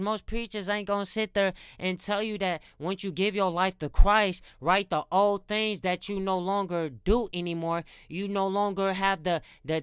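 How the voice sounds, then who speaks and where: A man's voice: high-pitched, fairly bright tone, clean tone, no echo, clean studio sound. A man giving a rambling casual faith talk, often repeating words and calling his viewers guys. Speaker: Christian content creator.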